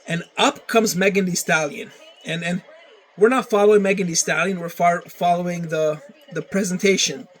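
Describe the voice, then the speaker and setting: Guy with a pretty high voice venting on camera, keeps tripping over his words and cursing. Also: fairly even intonation, moderate pace, poor audio. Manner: stammering, repeats words, swears a lot. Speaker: vlogger. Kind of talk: casual rant to camera.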